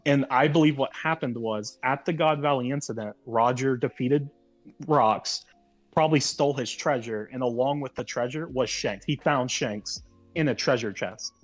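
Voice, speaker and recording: A man co-hosting a casual podcast chat, walking through a theory at length and reading quotes aloud. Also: mid-range voice. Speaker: podcast co-host.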